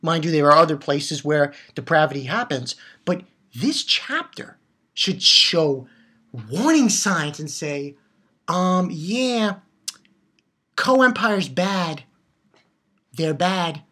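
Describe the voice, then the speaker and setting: A woman's voice: sits low, expressive, slow, a bit bright, husky. A woman giving a heated, profane rant while reviewing a manga chapter, blunt and repeating her points for emphasis. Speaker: anime reviewer.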